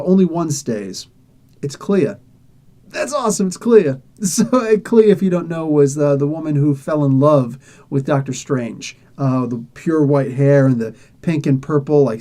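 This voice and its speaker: A man's voice: on the high side, warm tone. A man reviewing comics, casually retelling a story with laughs and acted-out quoted lines.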